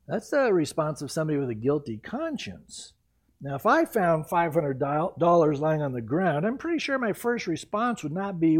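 A man preaching a verse-by-verse Bible teaching sermon, animated and lively, sometimes acting out the people in the story. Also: a little high, moderate pace. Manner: animated, acts out quoted voices and reactions, laughs at his own asides. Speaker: pastor.

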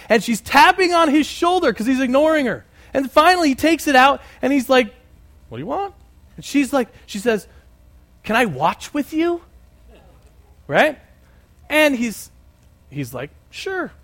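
A man preaching a sermon and telling a story, animated and conversational with many asides. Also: high-pitched. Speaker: pastor.

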